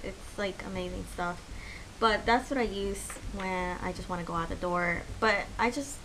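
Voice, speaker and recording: A woman's voice: mid-range voice, normal speed, a bit bright, a little hiss or hum, poor audio. A young woman chatting to camera as a beauty vlogger, heartfelt and encouraging, with lots of fillers. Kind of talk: casual chat to camera.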